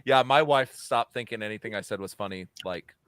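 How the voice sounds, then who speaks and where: A man's voice: on the low side, brisk, a bit bright, slight background noise. A middle-aged man co-hosting a podcast in casual chat, laughing often, swearing and bantering. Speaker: podcast co-host.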